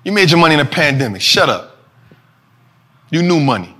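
A man hosting a casual finance talk show, animated and preachy, full of slang and repeating lines for emphasis. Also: a little high, very fast. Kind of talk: casual market commentary.

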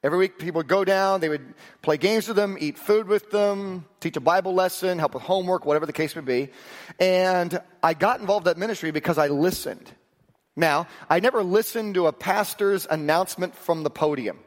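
Male pastor, sermon delivery, animated storyteller with acted asides, fairly high voice, long reverb. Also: brisk.

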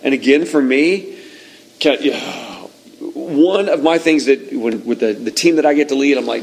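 A man's voice: mid-range voice, a little slow, poor audio. Storytelling male preacher, conversational sermon. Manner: conversational, animated storytelling that acts out the scene. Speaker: pastor.

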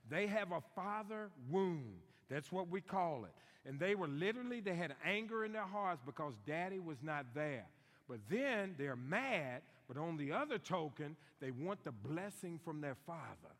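A middle-aged man preaching a sermon in a church, emphatic and repeating key lines slowly for stress. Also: a little high, fairly bright tone. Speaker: guest preacher on fathering. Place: church sanctuary. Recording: long hall reverb.

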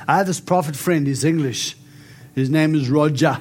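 A man's voice: on the high side, normal speed, a little mellow, soft background music. A man preaching and prophesying over a congregation, emphatic and declaring, often coaxing his listeners to respond. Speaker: preacher giving prophetic ministry. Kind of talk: charismatic sermon and prophecy.

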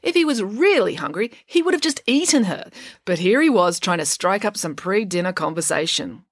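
Woman storyteller, playful and wry, very animated pitch, dry close sound. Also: no room sound. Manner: expressive, wry and playful, with dramatic pauses. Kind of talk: storybook narration.

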